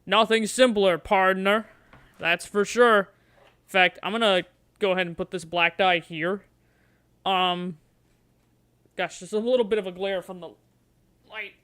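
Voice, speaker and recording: A woman's voice: medium pitch, fairly even intonation, unhurried, long pauses, fairly bright tone, clean tone, no echo. A woman streamer playing a gamebook on a livestream, chatting playfully and coaxing the dice.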